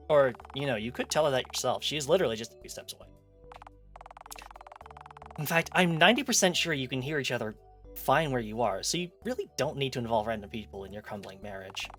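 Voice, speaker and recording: A streamer reading through a game and tossing in wry, sarcastic asides. The voice moves in lively, animated swings and sits in a middling pitch range. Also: fast talker, faint music behind. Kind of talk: casual game commentary.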